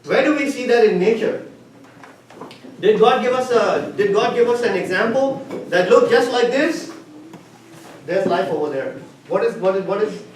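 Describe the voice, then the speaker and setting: A man teaching a Bible lesson, retelling a story and asking his listeners questions as he goes. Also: high-pitched. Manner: retells stories with questions to the class. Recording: echoey room, far from the mic, faint hiss.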